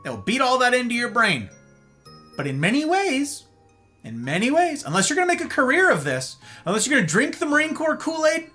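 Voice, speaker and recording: A man's voice: very high-pitched, huge pitch swings, a little fast, pushed and bright, faint music behind. A male host giving an emphatic, sarcastic monologue on a live-streamed talk show, with playful asides.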